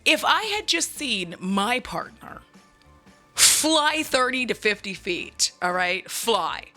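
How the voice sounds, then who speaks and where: A woman's voice: fairly high pitch, big pitch swings, slow, bright, forceful tone, soft background music. A woman hosting her channel, retelling a movie in a chatty, comic way with asides straight to her viewers. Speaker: channel host. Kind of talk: comedic movie recap. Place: at home.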